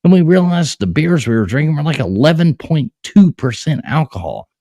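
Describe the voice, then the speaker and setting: A man hosting a live stream and chatting casually, telling lively stories with easy laughs. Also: on the high side, normal speed, no echo, clean studio sound. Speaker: host.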